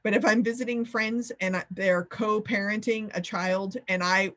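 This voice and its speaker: A woman leading a live online workshop over a video call, talking in an animated, playful way and swooping up high for emphasis. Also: normal speed. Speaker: workshop facilitator.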